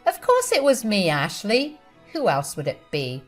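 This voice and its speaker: A woman's voice: mid-range voice, huge pitch swings, measured pace, soft background music. Woman doing a patronizing, controlling mother. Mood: scornful. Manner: patronizing, cold and demanding.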